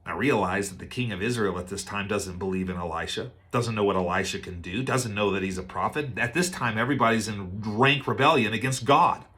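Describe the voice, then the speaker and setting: A male pastor preaching a sermon, retelling a scripture story in a casual, animated way. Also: lowish voice, a little fast, hardly any pauses. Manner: conversational, animated retelling with chuckles.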